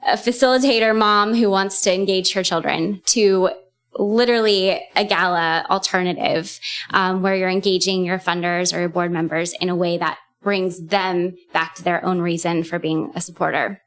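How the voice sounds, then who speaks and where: A woman's voice: lowish voice, steady tone, moderate pace. A woman guest on a podcast interview, explaining with enthusiasm and fluency. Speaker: guest, game co-creator. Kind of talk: interview conversation.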